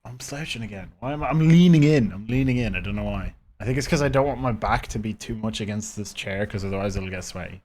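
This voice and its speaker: A man's voice: on the low side, quick pace, hardly any pauses. A man streaming a game live from his own room, rambling casually and chatting with his viewers. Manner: rambling, chatty, talking to chat.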